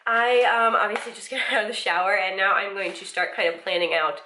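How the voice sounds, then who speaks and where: A woman's voice: mid-range voice, fairly even intonation, brisk, pushed and bright, reverberant, slight background noise. A woman chatting casually to the camera in a daily home vlog, a bit out of breath, rambling and laughing often. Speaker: vlogger. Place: home, indoors. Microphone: handheld vlogging camera.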